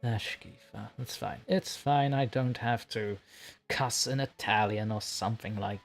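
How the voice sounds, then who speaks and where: Male streamer, casual and giggly, middle pitch, faint music behind. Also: fairly even intonation, moderate pace, gravelly. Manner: scattered, self-mocking, giggly, chatty. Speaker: streamer, horror story narrator. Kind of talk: casual live-stream chat.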